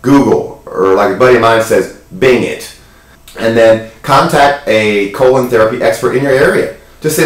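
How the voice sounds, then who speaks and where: A man giving an animated, jokey spoken account in a casual vlog. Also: mid-range voice, normal speed, echoey room, recorded from a distance, low-quality recording. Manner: animated, chatty storytelling with jokes. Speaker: wellness vlogger.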